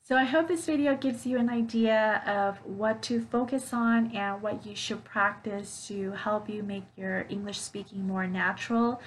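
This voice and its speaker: A woman teaching an online English lesson, explaining clearly with examples, with frequent fillers like "okay, so". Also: mid-range voice, slight background noise, poor audio.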